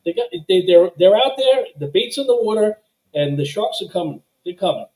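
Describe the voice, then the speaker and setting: A fired-up man calls into a sports show over a video call, venting with raw emotion. His voice runs high, and his pitch leaps up and down as he talks. He sounds heated, pushing his points hard. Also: big pitch swings, brisk, warm tone, low-quality recording. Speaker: caller. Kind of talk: excited call-in rant.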